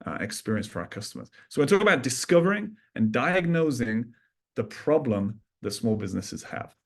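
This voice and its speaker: A man hosting a casual sales webinar from an office room, upbeat and teasing his co-host. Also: mid-range voice. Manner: upbeat, joking, quick to tease.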